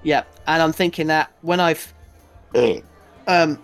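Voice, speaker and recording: A man's voice: a little high, flat delivery, slow, fairly bright tone, clear, resonant tone, faint music behind. A young British man co-hosting a podcast, rambling casually, swearing and laughing as he talks. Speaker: podcast co-host. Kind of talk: casual chat.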